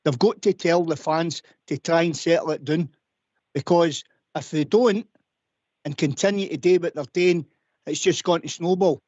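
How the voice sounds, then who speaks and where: A man's voice: a little high, steady tone, moderate pace, a little mellow, dry recording. A man calling a radio phone-in, earnestly arguing and often saying listen. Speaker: caller. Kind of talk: phone-in opinion. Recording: dry muffled phone line.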